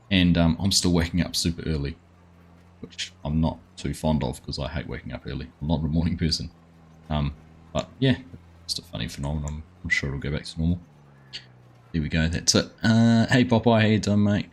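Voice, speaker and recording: Husky New man chatting on stream. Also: low voice. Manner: chatty, greets viewers by name. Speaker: gaming livestream host. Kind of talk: casual chat while playing a farming game.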